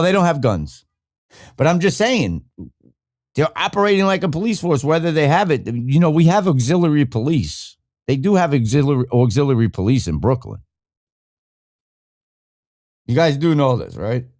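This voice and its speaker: A man hosting a podcast, ranting casually and swearing a lot while he thinks aloud and clicks through things. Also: on the high side. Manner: profane, animated, thinking aloud while browsing. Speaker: podcast host.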